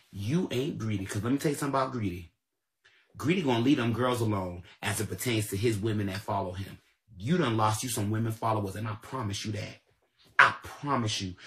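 A man's voice: mid-range voice, a bit bright. Confrontational ranting man with AAVE speech. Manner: confrontational, repetitive, profane. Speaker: livestream commentator. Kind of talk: ranting livestream commentary.

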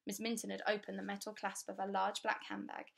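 A woman reading a children's story aloud with clear, steady, expressive storytelling. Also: medium pitch, brisk. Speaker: audiobook reader.

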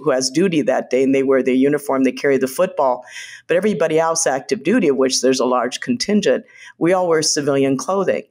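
Older woman guest, storyteller, lively anecdotes with quick quoted voices. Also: sits low. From United States. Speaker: guest, former White House physician. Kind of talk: conversational storytelling.

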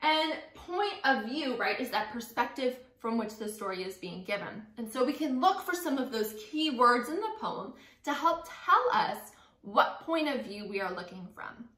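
A young woman teacher gives a lesson in an upbeat, encouraging way, often checking in with her students. Her voice is bright and sits a little high. The sound carries an echo from a hard-walled classroom. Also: very animated, normal speed. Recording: echoey room.

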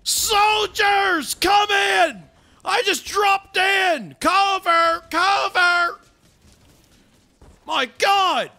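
A man putting on the voice of a frantic shouting army sergeant while playing a video game, barking radio-style orders. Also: very high-pitched, very slow, vocal fry, pitched above the performer's own voice, heavily acted. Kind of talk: in-character game commentary.

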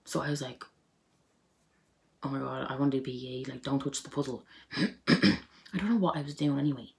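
Young woman, casual storytelling, filler-heavy, laughing, creaky fry. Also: extremely low pitch, moderate pace. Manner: chatty, lots of fillers, laughs while telling stories. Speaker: vlogger.

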